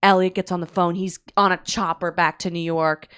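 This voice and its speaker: A woman's voice: on the low side, flat delivery, moderate pace, fairly bright tone, clear, resonant tone, dry recording, studio quality. A woman co-hosting a comedy podcast, telling a story animatedly and laughing often, acting out quotes. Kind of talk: comic storytelling. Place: apartment.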